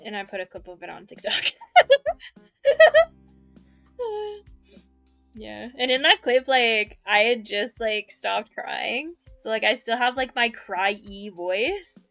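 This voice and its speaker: Very animated yet slow, her high-side voice is creaky and a bit bright, with frequent pauses. The young woman streamer chats casually, giggling between sentences, mouth close to the mic and faint music in the background.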